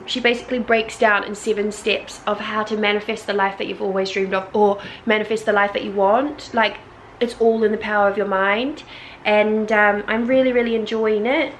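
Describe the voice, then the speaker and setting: A woman's voice: medium pitch, fairly even intonation, normal speed, a little hiss or hum, low-quality recording. A young woman with a New Zealand accent, co-hosting a casual vlog in a chatty, giggly, exclaiming way. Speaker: vlogger co-host. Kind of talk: casual chat.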